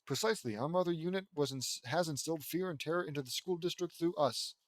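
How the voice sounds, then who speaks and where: A man's voice: on the high side, quick pace, dry recording, lightly acted. A man reading the lines of a brainy little girl who talks formally.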